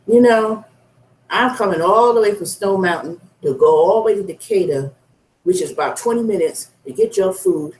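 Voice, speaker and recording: A woman's voice: medium pitch, sing-song, moderate pace, darkish tone. Blunt ranting woman, roomy echo. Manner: blunt, profane, venting. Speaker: food delivery driver. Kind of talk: casual vlog rant.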